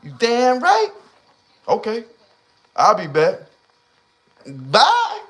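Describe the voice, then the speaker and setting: A man hosting a livestream, ranting casually in heavy slang and profanity and acting out the people he talks about. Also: on the high side. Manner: profane, slangy, animated storyteller who acts out voices. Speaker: livestream host.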